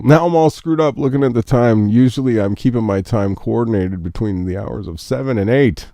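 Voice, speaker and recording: A man's voice: mid-range voice, brisk, hardly any pauses, mellow, no echo, clean studio sound. A man hosting a casual morning show, reading memes aloud and talking about his faith in an earnest, emotional way. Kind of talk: casual live-stream chat reading memes.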